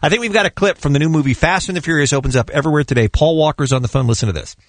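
A man's voice: fairly high pitch, racing, dry recording. A male radio host asking a phone guest questions in a chatty, enthusiastic way. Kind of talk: radio interview.

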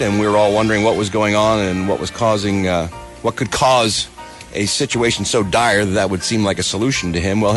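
A man's voice: medium pitch, fairly bright tone. Wry male radio entertainment reporter. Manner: wry, sarcastic asides. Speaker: radio co-host, entertainment news reader. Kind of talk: casual radio news banter. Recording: radio broadcast with faint music bed.

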